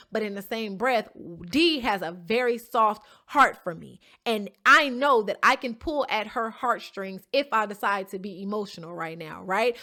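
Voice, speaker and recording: A woman's voice: on the high side, pushed and bright. A woman giving a casual recap to camera, emphatic and swearing casually, checking in with "okay?" and "right?" as she tells the story. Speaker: reality show contestant recapping an episode.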